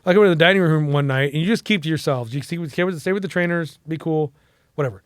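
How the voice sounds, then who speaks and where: A middle-aged man from the United States, a podcast guest telling stories casually, animated and profane, acting out the people he quotes. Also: on the high side, fast talker, smooth, dry recording, studio quality. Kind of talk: casual storytelling interview.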